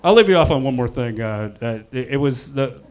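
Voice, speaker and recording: A young man doing a stand-up comedy set on a club stage. He is lively and self-deprecating and acts out the people in his stories. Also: mid-range voice, brisk.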